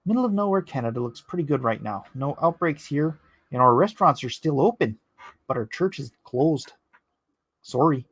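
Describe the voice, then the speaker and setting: A man's voice: a little high, animated, moderate pace, fairly bright tone, husky, dry recording. A man chatting casually with his viewers while he inks a drawing live, rambling and joking as he answers the chat. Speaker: artist streaming live while inking.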